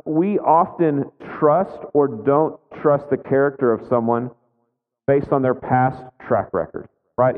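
A man in his thirties preaching a sermon in a relaxed, conversational way, often checking in with "right?" as he tells a family story. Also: mid-range voice. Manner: conversational, frequent "right?" asides. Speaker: pastor. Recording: phone-like audio with long hall reverb.

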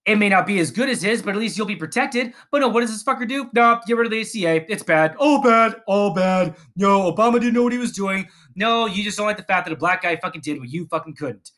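A man's voice: sits high, bright, forceful tone. A man hosting a podcast, delivering an angry, profane political rant that rambles with frequent restarts. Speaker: podcast host.

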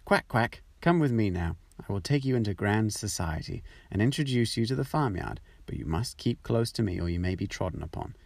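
A man's voice: fairly low pitch, expressive, fairly quick, vocal fry, few pauses, no room sound. A man voicing a fussy, proud mother duck in a storybook reading, anxious and doting. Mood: fond.

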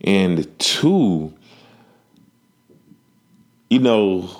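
Low-voiced male podcast host, relaxed and profane, joking monologue. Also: drawn-out words.

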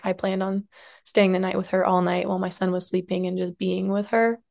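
A woman speaking softly and from the heart in a reflective interview, with many pauses and fillers. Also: medium pitch, gravelly. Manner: soft, heartfelt, with many likes and trailing pauses. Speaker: podcast guest, somatic practitioner and dance teacher.

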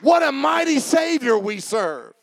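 Man, pastor, church sermon, preaching from quiet talk to shouting, dry close sound. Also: very high-pitched, sing-song, measured pace, gravelly, dry recording. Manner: calls on church members by name.

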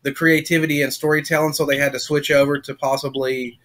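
A male host running a relaxed interview. He sounds eager and asks long, searching questions. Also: on the high side, quick pace. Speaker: podcast host. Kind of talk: casual interview.

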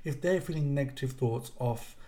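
A man's voice: medium pitch, normal speed, dark tone. A man in his thirties hosting a casual podcast chat, often repeating himself while he searches for words. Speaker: podcast host.

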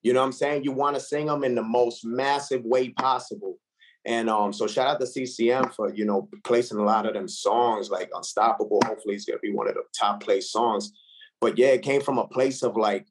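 In an interview, a recording artist reflects casually and earnestly on how he writes, sprinkling in lots of "like" and "man." His voice is mid-range.

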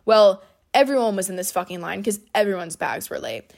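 A woman's voice: medium pitch, a little fast, gravelly, a little mellow. A young woman hosting a podcast, telling a rambling story in casual chat, swearing often and saying "like" a lot, emotional at the moment. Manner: profane, rambling, heavy use of "like". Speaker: podcast host.

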